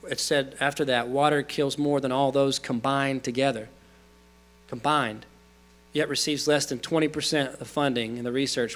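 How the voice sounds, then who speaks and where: A man, giving a guest talk in a lecture hall, earnest and conversational with fillers and restarts. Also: mid-range voice. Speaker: guest speaker. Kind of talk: storytelling talk.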